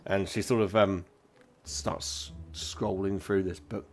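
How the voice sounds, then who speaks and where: A man narrating as game master, rambling and pausing to search for words. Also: low voice, fairly even intonation, slight background noise.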